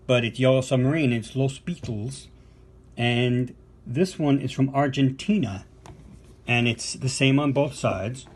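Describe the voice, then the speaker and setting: An older American man, a podcast co-host and vinyl collector, talking casually and enthusiastically through a box of records with fillers and asides. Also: medium pitch. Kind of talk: casual unboxing show-and-tell.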